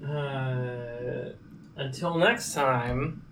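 A woman's voice: very deep voice, extremely slow, a little hiss or hum, low-quality recording. A woman co-hosting a podcast in casual chat, playful and joking. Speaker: podcast co-host.

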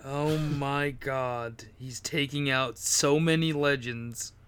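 A man's voice: mid-range voice, fairly even intonation, slow, a bit bright, clean tone. A man co-hosting a casual wrestling chat, laid-back and agreeable. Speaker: podcast co-host.

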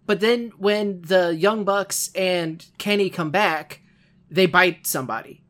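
A man's voice: high-pitched, takes it slowly, fairly bright tone. A man co-hosting a casual podcast, rambling in a self-deprecating, nitpicky way. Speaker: podcast co-host.

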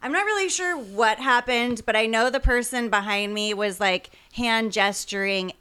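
Swearing woman telling animated stories. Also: on the high side, normal speed, clear, resonant tone. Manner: animated storytelling, swearing, acts out quotes. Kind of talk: casual chat.

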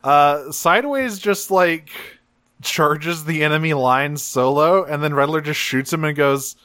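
A man's voice: on the high side, unhurried, a bit bright, clear, resonant tone, no echo, studio quality. A man co-hosting a podcast, recapping an episode in a loose, profane, chatty way full of fillers. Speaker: podcast co-host.

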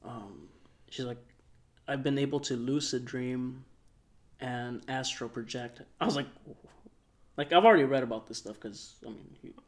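Soft-spoken man rambling through a story. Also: medium pitch, moderate pace, long pauses. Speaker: podcast co-host. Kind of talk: casual storytelling.

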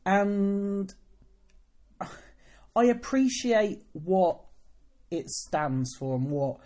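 A woman's voice: medium pitch, lively intonation, very slow, dark tone. A woman co-hosting a wrestling podcast from a hotel room, talking in a dry, rambling, self-deprecating way. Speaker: podcast co-host, wrestling promoter. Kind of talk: casual chat.

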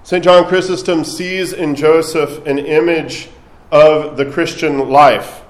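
A man's voice: on the high side, steady tone, takes it slowly, roomy sound, poor audio. A man preaching a sermon as a priest, speaking conversationally and adding light asides.

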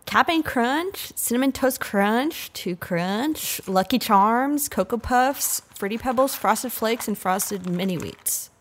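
A woman's voice: fairly high pitch, animated, takes it slowly, few pauses. A young woman co-hosting a casual podcast, laid-back and giggly, laughing often. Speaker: podcast co-host.

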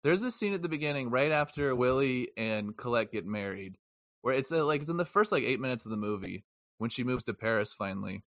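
A man chatting loosely about a film he just watched. His voice sits at an ordinary pitch and sounds dry and close, with no room echo. He talks in a rambling way, often restarting his sentences. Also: a little fast, a bit bright. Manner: rambling, self-correcting, jokey. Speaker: podcast co-host. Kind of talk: casual film review chat.

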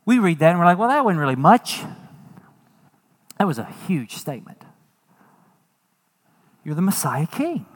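A man preaching a sermon as a pastor, folksy and animated, acting out quotes and dropping jokes. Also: sits high, long reverb tail.

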